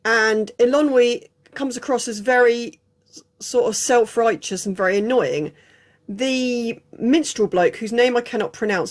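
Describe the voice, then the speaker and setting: A woman, hosting a casual, opinionated chat. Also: medium pitch. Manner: chatty, opinionated, frank. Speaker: host.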